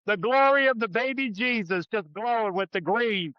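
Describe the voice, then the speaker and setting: A man's voice: high-pitched, moderate pace, no echo, muffled recording. A man hosting a comedy podcast, riffing through absurd improvised jokes. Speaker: podcast host. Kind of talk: casual comedic chat.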